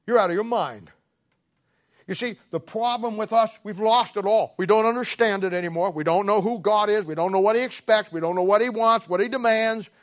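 Blunt, high-pitched preacher man. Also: a little fast. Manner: blunt, confrontational, swings from loud to low. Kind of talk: fiery sermon.

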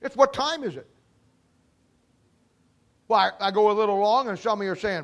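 Male pastor, high-pitched, folksy storyteller delivering a sermon. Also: normal speed, long pauses, a bit bright. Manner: folksy storytelling preacher, acts out dialogue.

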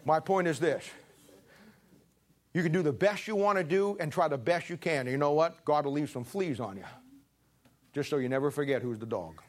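A man's voice: on the high side, moderate pace, pauses often. A man preaching a sermon, telling a folksy, rambling story full of restarts before making his point.

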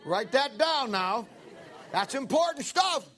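A male preacher with a notably high voice tells a Bible story to his congregation. He speaks in a folksy, animated manner, full of fillers and little asides. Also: slow, a faint crowd. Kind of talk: sermon storytelling.

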